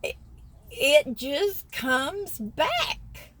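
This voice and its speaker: A woman's voice: high voice, very animated, drawn-out words, fairly bright tone. A woman in her sixties with a Southern US accent, chatting folksily to her viewers in a casual vlog. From American South. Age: 60s. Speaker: vlogger. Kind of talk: casual chat to camera.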